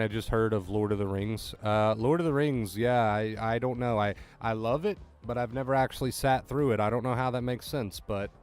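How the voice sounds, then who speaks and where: A man chatting casually on a livestream, excitable and talking to his chat, often repeating himself when flustered. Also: lowish voice. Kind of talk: casual live-stream chat.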